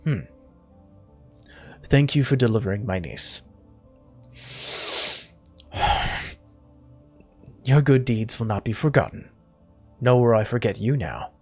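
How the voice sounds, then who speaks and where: A grave old mystic uncle, hunched and calm, talks low and slow in a tabletop game, his words sinking almost to a whisper. A man puts him on, in a voice close to his own at middling pitch. Faint music plays behind him. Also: slightly rough, exaggerated voice. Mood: hushed, grave.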